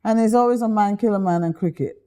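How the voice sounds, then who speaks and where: Lively woman guest, mellow tone, animated storytelling. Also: mid-range voice, quick pace, smooth. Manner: lively, chatty, slips into voices while telling stories.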